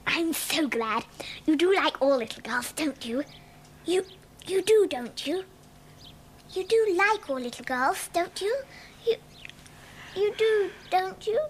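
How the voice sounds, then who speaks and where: A woman's voice: extremely high pitch, animated, slow pace, long pauses, a little hiss or hum, exaggerated voice. An actress playing a spoilt, clingy six-year-old girl in a television drama, speaking in a whiny, wheedling voice.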